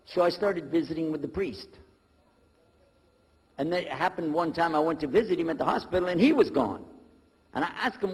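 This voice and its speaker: A man's voice: fairly high pitch, husky. An older man, telling a story in a sermon and acting out the dialogue. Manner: animated storyteller who acts out dialogue. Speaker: preacher. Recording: long hall reverb.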